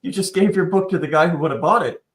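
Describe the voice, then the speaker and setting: A man's voice: on the high side, fast talker. A man co-hosting a podcast in casual chat, easygoing and teasing his partner. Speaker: podcast co-host.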